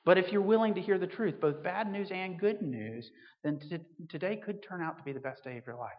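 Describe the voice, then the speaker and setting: Earnest vicar preaching. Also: male voice, high voice, brisk, in a large hall, highs cut off. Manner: earnest, storytelling, rising to emphatic peaks. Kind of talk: sermon.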